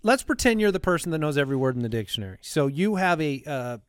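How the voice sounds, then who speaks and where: A man's voice: on the high side, big pitch swings, fast, smooth, dry recording, clean studio sound. A man co-hosting a comedy podcast, telling rambling, self-deprecating stories in casual chat. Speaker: podcast co-host.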